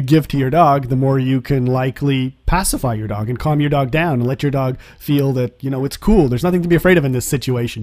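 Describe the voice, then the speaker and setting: A man's voice: mid-range voice, darkish tone. A man hosting an interview, chatty and affable, thanking his guest and signing off. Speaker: podcast host.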